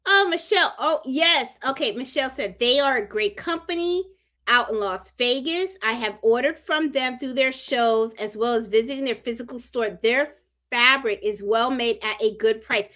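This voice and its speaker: A woman's voice: a little high, normal speed, bright, forceful tone. A woman with a Puerto Rican accent hosting a casual live stream about sewing, chatting and repeating herself for emphasis. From Puerto Rico. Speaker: crafting channel host.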